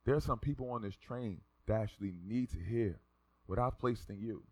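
A man voicing God as a calm, gentle male presence, speaking softly and low. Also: moderate pace, no room sound. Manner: soft, low and hushed.

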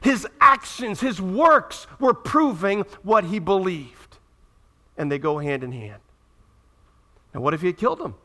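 A male pastor preaching a sermon, retelling scripture dramatically, swinging between loud bursts and hushed asides. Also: high-pitched, expressive, a little slow.

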